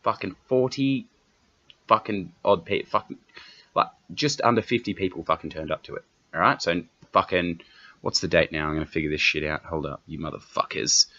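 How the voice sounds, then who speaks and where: A man's voice: low-pitched, normal speed, bright, forceful tone, lo-fi sound. A young Australian man hosting a solo comedy podcast, rambling and swearing constantly in a brash, offhand way. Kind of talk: profane solo podcast rant.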